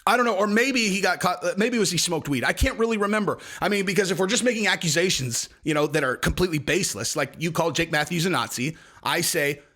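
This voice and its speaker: A man's voice: high-pitched, expressive, fast, hardly any pauses, pushed and bright. A man hosting a casual commentary rant, sarcastic and rambling, slipping into mocking quoted voices. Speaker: commentary video host.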